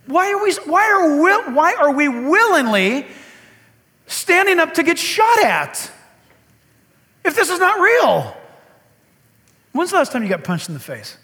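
A middle-aged male pastor preaching a sermon, telling stories and firing off repeated questions. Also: very high voice. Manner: animated storytelling with repeated questions.

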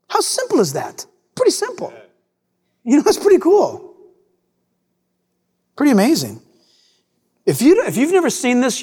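A man preaching a sermon as pastor, animated and playful, acting out voices as he tells stories. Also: very high voice, in a large hall.

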